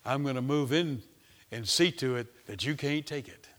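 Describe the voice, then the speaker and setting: A man's voice: mid-range voice, moderate pace, fairly bright tone, big-room sound, natural voice. A man voicing a mocking male devil who laughs and taunts. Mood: gloating.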